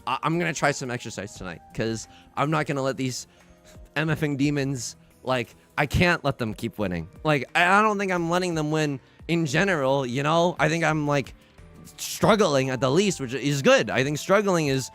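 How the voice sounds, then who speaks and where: Faint music plays behind a young livestream host with a fairly high voice, speaking at normal speed as he games. His chat rambles with fillers and jokes at his own expense, and his mood moves from animated and jokey to quiet and tearful.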